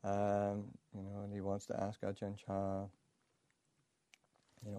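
A Buddhist monk, a man, telling a teaching story in a halting way, full of fillers and restarts, with soft chuckles. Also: lowish voice, monotone, no echo. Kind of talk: storytelling dharma talk.

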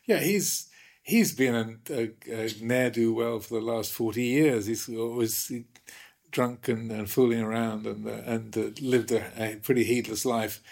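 A man, a Buddhist monk, telling stories in animated conversation with many restarts. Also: mid-range voice, a little slow, gravelly. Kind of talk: conversational storytelling.

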